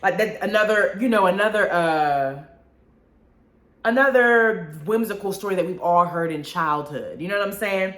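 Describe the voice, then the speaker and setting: A woman hosts a casual review show on her own. Her pitch leaps around constantly as she riffs, and the roomy space echoes behind her. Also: normal speed. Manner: animated, expressive, frequent restarts and slang. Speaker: podcast host reviewing movies. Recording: roomy echo.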